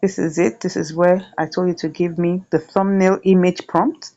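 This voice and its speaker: A woman's voice: lowish voice, fairly even intonation, moderate pace, warm tone, lo-fi sound. A woman hosting a chatty screen-share tutorial, often checking in with "right?". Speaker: YouTube tutorial host.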